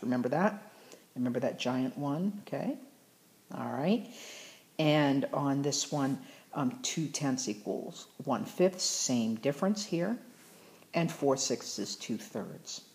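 Low-voiced woman teaching math. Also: a little mellow. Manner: chatty, encouraging, self-correcting. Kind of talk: recorded math lesson.

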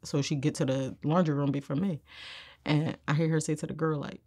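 A woman's voice: deep voice, steady tone, brisk, darkish tone, slightly rough. A woman telling candid stories in an interview, blunt and slangy, laughing often. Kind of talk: candid storytelling.

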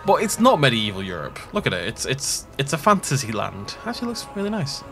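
A man's voice: mid-range voice, huge pitch swings, a little fast, creaky, sharp tone, faint music behind. A man hosting a let's play, rambling casually and laughing often while he plays. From half Irish. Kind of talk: casual gaming commentary.

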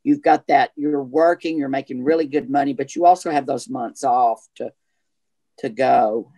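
A man with a Southern US accent and what he calls a gay voice, telling stories in a chatty, animated way as an actor guest in an interview. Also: mid-range voice, normal speed. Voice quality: self-described gay voice. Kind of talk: casual interview chat.

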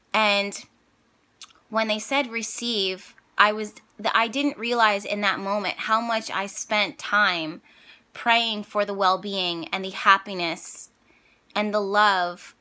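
Bright-voiced woman telling a personal story. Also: medium pitch. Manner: expressive, emotional, chatty. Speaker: spiritual vlogger and reader. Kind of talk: casual storytelling to viewers.

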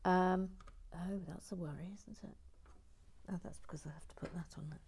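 Woman with a lowish voice, chatty and wry, mutters and whispers little asides while building. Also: steady tone, moderate pace, creaky, a little mellow, slightly rough. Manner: playful, wry. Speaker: host. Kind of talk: casual narration of a toy build.

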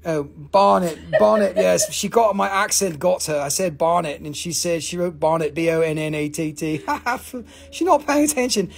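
A man's voice: on the high side, normal speed, creaky. A man hosting a live gemstone sales stream, rambling, joking and swearing as he calls out buyers and prices. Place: family-owned rock shop.

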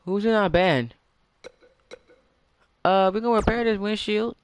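Man, gamer, casual commentary, playful, chanting, excitable, slightly high voice. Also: unhurried, long pauses, clear, resonant tone.

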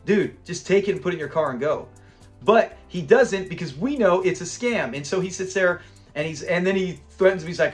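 High-voiced man retelling a sitcom episode. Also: normal speed, soft background music. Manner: animated retelling, acts out quotes, laughs often. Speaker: show review channel host. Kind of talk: casual episode commentary.

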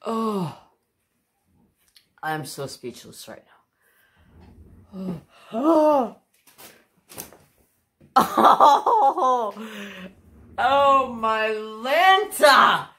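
A woman's voice: a little high, sing-song, drawn-out words, pauses often, pushed and bright. A woman hosting a casual craft-channel unboxing vlog at home. She gushes and exclaims again and again, and talks to her dog between remarks. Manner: gushing, exclaims over and over; chats to her dog while talking.

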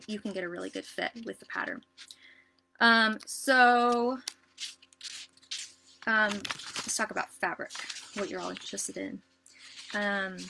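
A woman giving a casual live sewing tutorial, chatty and relaxed, with lots of ums and likes. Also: medium pitch, creaky, slight background noise. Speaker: sewing instructor.

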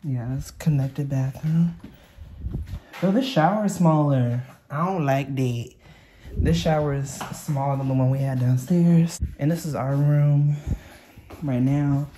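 A young woman chatting into her camera in an excitable, loose way, nervous about what is coming. Her voice is warm and mellow. There is a faint hum of noise behind her. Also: low-pitched, a little slow. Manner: chatty, excitable, swears casually. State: nervous before surgery. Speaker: vlogger. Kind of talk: casual vlog talking to camera.

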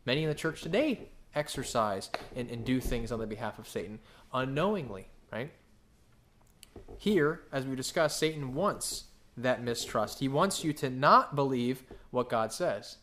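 A man preaching a sermon, animated and full of questions he answers himself, sometimes acting out voices. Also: normal speed, slight background noise. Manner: animated, acts out quoted voices with big pitch jumps; asks the congregation questions and answers them. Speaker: pastor.

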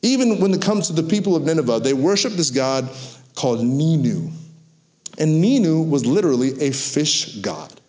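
Animated man preaching a sermon. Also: a little high, normal speed. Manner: animated storytelling with acted-out quotes. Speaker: pastor.

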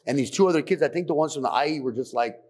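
A man from California, a podcast guest, telling his story candidly in a soft-spoken, profane, reflective way. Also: fairly high pitch, very fast, slightly rough. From San Fernando Valley, California.

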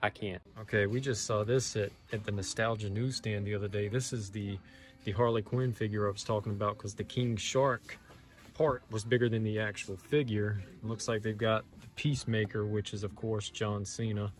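A man narrating a casual toy-hunting vlog, chatty and sarcastic, with loud mock-excited stretches. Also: fairly low pitch, normal speed. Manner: loud, animated outro.

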